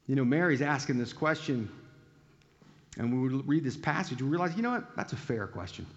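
A man preaching a sermon in a conversational way, asking the listeners questions and acting out the quotes he tells. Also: mid-range voice. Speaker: pastor. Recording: dull sound with long hall reverb.

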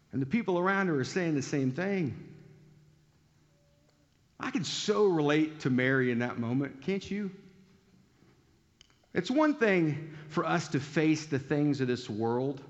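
A man preaching a sermon in a conversational way, asking the listeners questions and acting out the quotes he tells. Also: a little high. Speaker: pastor. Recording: dull sound with long hall reverb.

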